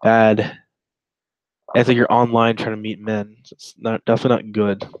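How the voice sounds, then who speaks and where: A man's voice: fairly low pitch, little pitch movement, normal speed, dry recording, highs cut off. Rambling crude man on a dry mic. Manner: rambling, crude, trails off and restarts. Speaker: podcast co-host. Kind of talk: casual commentary reading chat logs.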